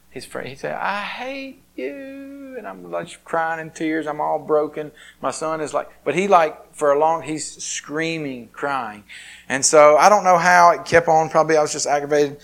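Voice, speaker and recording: A man's voice: mid-range voice, fairly bright tone. A man preaching a sermon, telling a personal story in a conversational, self-deprecating way. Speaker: pastor.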